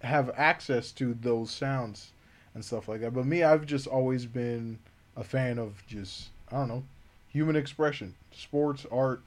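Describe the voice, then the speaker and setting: A man's voice: mid-range voice, measured pace. A man with a mid-range voice, co-hosting a podcast in easy, casual chat. He sounds laid-back and playful, and often jokes along. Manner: laid-back, joking, backs up the other host. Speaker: podcast co-host.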